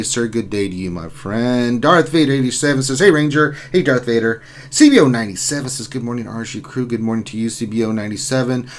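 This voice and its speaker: A man hosting a casual gaming livestream in a chatty, upbeat way, reading out viewers' messages. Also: mid-range voice. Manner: upbeat, chatty, reads chat messages aloud. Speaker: livestream host.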